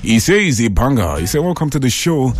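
A man's voice: medium pitch, sing-song, brisk. A man with a Nigerian accent hosting a call-in radio show in pidgin, reading out listener messages and greetings. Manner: upbeat shout-outs, reading messages aloud. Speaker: radio host.

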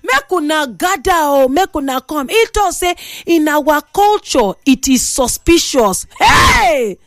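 A high-voiced Nigerian woman hosts a lively talk show, teasing and exclaiming as she reads out listener comments. Her voice sits dry and close, with no room sound. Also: measured pace, no echo. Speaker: radio call-in host reading listener comments.

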